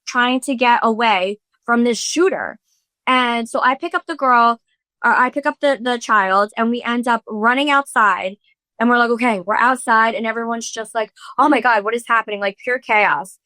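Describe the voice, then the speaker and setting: A woman's voice: a little high, bright, forceful tone, dry recording. A woman in her thirties, a podcast host, recounting a chaotic story in casual chat, full of swearing, fillers and acted-out quotes.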